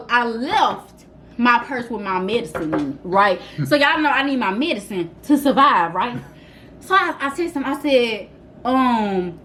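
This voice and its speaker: Young woman in her 20s telling a story, high voice, swoops all over, laughing and dramatic. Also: slight background noise. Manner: animated, laughing, self-described dramatic. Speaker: vlogger. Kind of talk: casual storytime.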